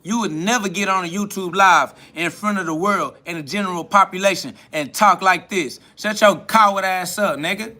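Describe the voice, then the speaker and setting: Brash high-voiced man trash-talking. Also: moderate pace, few pauses, sharp tone. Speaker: live-stream host. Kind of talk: boastful live-stream self-talk.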